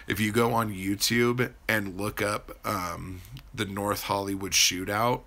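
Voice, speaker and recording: Man, livestream host, casual rambling chat, slow unhurried pace, bright tone, swears. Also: fairly low pitch, fairly even intonation. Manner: rambling, answers viewer chat, swears freely.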